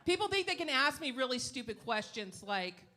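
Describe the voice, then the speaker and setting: A woman's voice: high-pitched, sing-song, moderate pace, pushed and bright. A middle-aged woman from Yakima, Washington, doing a brash, salty stand-up set on a live stage. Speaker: stand-up comedian. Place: live comedy stage before an audience.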